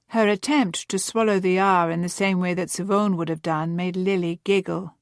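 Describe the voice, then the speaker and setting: A woman narrating a romance novel as an audiobook, calm and measured. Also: fairly low pitch, no room sound, clean studio sound. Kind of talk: scripted narration.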